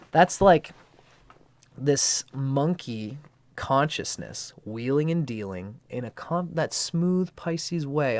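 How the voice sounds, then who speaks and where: A man's voice: medium pitch, expressive, slow pace. A man hosting an astrology livestream, talking casually and rambling, with casual swearing. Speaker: astrology channel host.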